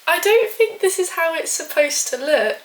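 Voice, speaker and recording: A young woman with a high, light voice rambles through a home baking vlog, poking fun at herself and filling every pause with "like". The kitchen sounds echoey, and dishes and pans clatter in the background. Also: expressive, a little hiss or hum. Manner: rambling, self-mocking, full of filler "like". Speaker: baking vlogger. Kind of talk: casual chatty vlog.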